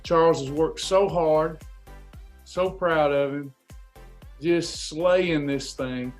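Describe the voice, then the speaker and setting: A man's voice: fairly high pitch, fairly even intonation, takes it slowly, soft background music. A man coaching weight loss on a live stream, chatting casually and greeting viewers by name in an upbeat, folksy way.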